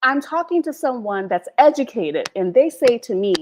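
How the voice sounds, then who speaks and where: A woman's voice: a little high, expressive, normal speed, background noise. A woman ranting brashly and profanely to her live stream viewers, laughing often, recorded at home on a laptop mic. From United States. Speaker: vlogger hosting a live stream. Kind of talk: candid unscripted rant to viewers. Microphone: laptop built-in mic.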